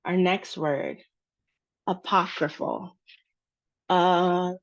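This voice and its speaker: A woman with an American accent teaching English pronunciation, patient and careful, spelling out example words slowly. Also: fairly low pitch, muffled recording. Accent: General American.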